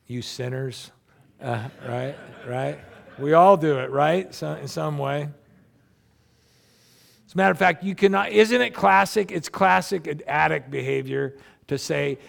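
A man's voice: a little high, slow, gravelly. A man preaching a sermon to a congregation, talking animatedly and acting out people's complaints. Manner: animated, acts out quoted complaints. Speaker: pastor.

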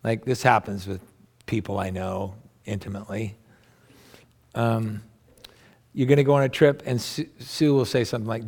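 A man's voice: lowish voice, steady tone, moderate pace, pauses often, a little mellow. A middle-aged man giving a conversational sermon as a pastor, rambling and folksy, with plenty of asides. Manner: rambling, folksy, with family anecdotes and many asides.

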